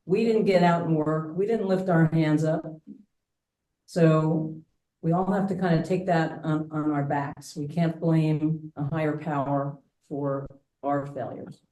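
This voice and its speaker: A man's voice: fairly high pitch, fairly even intonation, unhurried, dark tone. A man running for office, giving an earnest, exhortative speech at a meeting. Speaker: political candidate. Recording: echoey meeting room.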